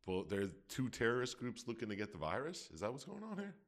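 A man's voice: mid-range voice, huge pitch swings, quick pace. A man co-hosting a casual podcast, joking, asking many questions and mimicking characters in quoted voices. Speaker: podcast co-host. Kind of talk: casual chat.

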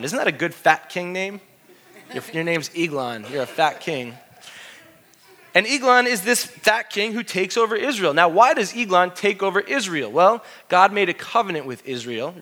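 A male pastor delivers a lively sermon in a bright, slightly high voice. He speaks conversationally, acts out quotes with feeling and asks his listeners questions. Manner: lively preaching, voicing God and scripture, asides to the congregation.

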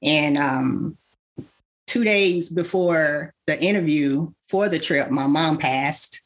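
A woman in an interview who speaks sincerely and unhurriedly, pausing on fillers as she gathers her thoughts. Her voice sits low. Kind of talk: personal conversational storytelling.

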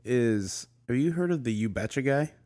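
Brief: male podcast guest, average pitch, easygoing and wry. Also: animated, normal speed, dark tone. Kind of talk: casual podcast chat.

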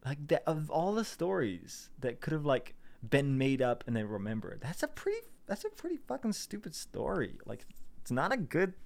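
A man's voice: a little high, very animated, moderate pace, gravelly, darkish tone. A young man in a casual, rambling monologue, sarcastic and profane, full of fillers and self-interrupting asides.

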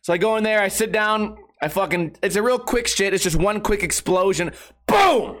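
A young man telling a comic story as a ranting, exasperated stand-up bit, swearing heavily and bursting into shouts. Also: high voice, fairly quick. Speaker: comedian. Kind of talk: profane comedic storytelling rant.

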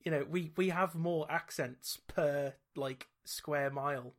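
A man's voice: a little high, slow pace. A British man hosting a podcast, chatting in a wry, casual way. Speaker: podcast host. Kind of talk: casual chat.

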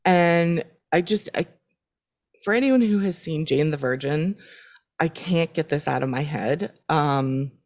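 A woman's voice: low-pitched, unhurried, dull audio. A woman co-hosting a casual podcast, retelling scenes and acting out the characters' lines as she goes. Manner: animated storytelling, acts out quotes. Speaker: podcast co-host. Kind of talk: casual rewatch podcast chat.

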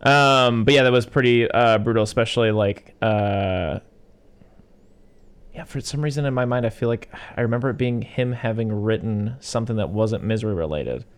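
A man's voice: on the low side, normal speed, clear, resonant tone. A young man casually talking through a movie with a friend, swearing now and then and acting out lines. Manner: relaxed, swears casually, acts out quotes. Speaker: podcast co-host.

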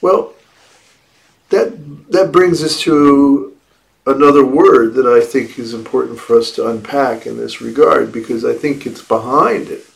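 A man delivers a Buddhist dharma talk at an unhurried, measured pace. His voice sits in an ordinary middle pitch, and he lightens his reflective teaching with playful asides. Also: vocal fry.

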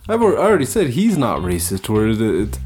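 A man's voice: on the low side, wildly swooping pitch, fairly quick, a little mellow, faint music behind. A man co-hosting a casual podcast chat, rambling and swearing with lots of filler words. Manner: rambling, profane, many filler likes.

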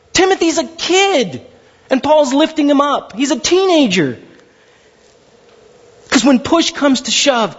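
A man's voice: very high voice, a bit bright, husky, highs cut off. A male pastor delivering an impassioned, conversational sermon with emphatic delivery.

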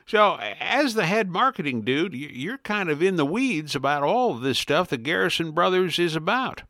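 A podcast host with a high-pitched voice speaks at a normal speed in a dry recording with clean studio sound. He chats in a folksy, upbeat way with lively intonation while introducing and interviewing a guest.

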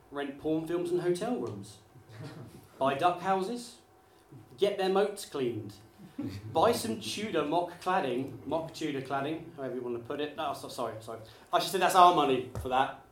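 A man doing a live stand-up routine, chatty and quick with apologetic asides to the crowd. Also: mid-range voice, a little hiss or hum. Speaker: stand-up comedian. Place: small theatre studio with a live audience. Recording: echoey live room, faint ambience.

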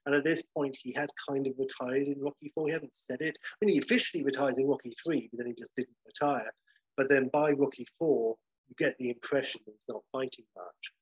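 A man co-hosts a podcast in an animated, chatty way, his speech full of fillers. His voice is husky and sits mid-range. The audio is muffled and lo-fi. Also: medium pitch, brisk. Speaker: podcast co-host. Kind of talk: casual chat.

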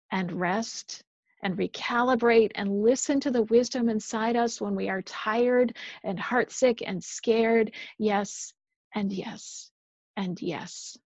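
A woman's voice: on the high side, no echo. Earnest woman minister, dull dry sound. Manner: measured, earnest, softening to near-hush on key phrases. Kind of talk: sermon.

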